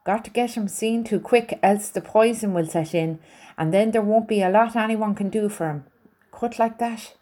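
A woman's voice: medium pitch, moderate pace, dark tone, lightly acted. A woman reading aloud, voicing a kindly, down-to-earth soldier with a chatty, earnest manner. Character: kindly Welsh soldier man, warm, down-to-earth.

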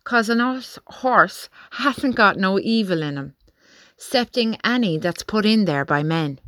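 A man's voice: high voice, fairly bright tone, no room sound, clean studio sound, voice pushed up. A woman voicing an earnest, respectful young male soldier.

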